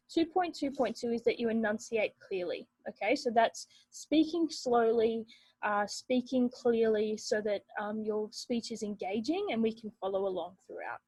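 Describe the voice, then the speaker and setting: A young woman teacher walks students through a rubric, steady and explanatory, with plenty of ums. Her voice sits a little high and has a breathy, husky edge. It is recorded close and dry, with no room sound. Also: no room sound, poor audio. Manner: explanatory, steady, with many fillers.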